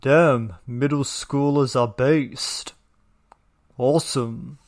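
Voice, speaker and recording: A man hosting a commentary video talks slowly, in a mocking, sarcastic tone. His voice sits at an ordinary pitch for a man.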